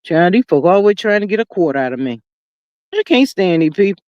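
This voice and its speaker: A woman hosting a livestream, talking casually and animatedly, swinging between loud outbursts and low murmurs. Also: very animated, brisk, dry recording, highs cut off. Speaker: livestream host.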